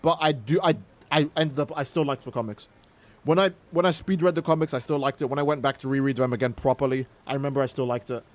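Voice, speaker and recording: A young man in casual livestream commentary, talking in an excitable, profane, rambling way. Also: mid-range voice, quick pace. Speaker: streamer.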